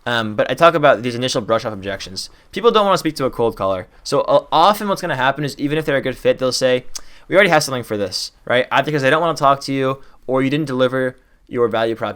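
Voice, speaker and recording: A young man teaching cold-calling tips in a casual, excited way, riffing off the top of his head and talking quickly. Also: medium pitch, clear, resonant tone. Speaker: sales trainer. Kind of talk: fast casual teaching to camera.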